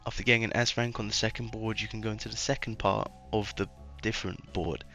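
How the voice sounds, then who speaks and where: Man, low voice, sarcastic rambling game commentary, mumbles, faint background music. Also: little pitch movement, fast talker, vocal fry, bright, forceful tone. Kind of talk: casual game commentary voice-over.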